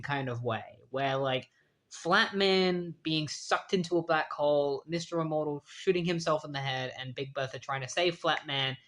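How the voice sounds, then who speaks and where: A man recapping a comic book story in a relaxed, chatty manner, peppering his lines with "like". His voice sits a little higher than most men's. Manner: loose, chatty, frequent "like". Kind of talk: casual comic retelling.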